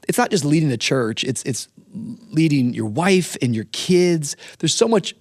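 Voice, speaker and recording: A man's voice: on the high side, lively intonation, measured pace, darkish tone, no echo, clean studio sound. A young man hosting a podcast, chatting enthusiastically and affirming his guest. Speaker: podcast host, pastor. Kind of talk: casual interview chat.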